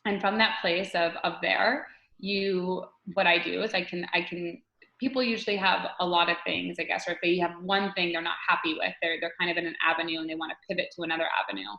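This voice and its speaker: A woman coach giving animated, spiritual interview answers, often restarting her sentences. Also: fairly low pitch, quick pace, vocal fry, reverberant, dull audio. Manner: animated, spiritual, repeats herself. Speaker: guest coach.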